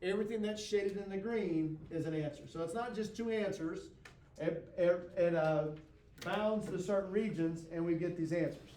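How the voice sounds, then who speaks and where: A man with a high but mellow voice teaches a math lesson, recorded in an echoey classroom. He lectures in a folksy, self-deprecating way and keeps checking in with his class. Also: moderate pace, slight background noise. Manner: frequent check-ins with the class.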